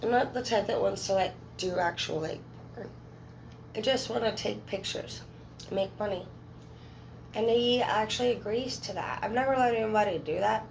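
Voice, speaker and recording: A tarot reader in her thirties talks candidly and emotionally to her viewers in a casual monologue, swearing freely. Her medium-pitched voice is gravelly and moderately paced, and the low-quality recording carries a little hiss or hum.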